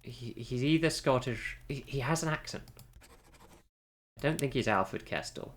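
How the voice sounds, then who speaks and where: While streaming a game, a man with a mid-range voice talks to himself at a measured pace. His casual commentary wanders as he thinks aloud and keeps correcting himself.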